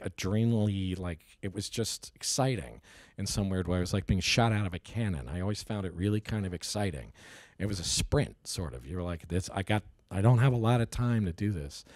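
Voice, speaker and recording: A middle-aged man casually telling an animated anecdote in an interview, acting out voices, laughing and swearing often. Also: sits low, moderate pace, no echo, clean studio sound. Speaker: actor telling stories.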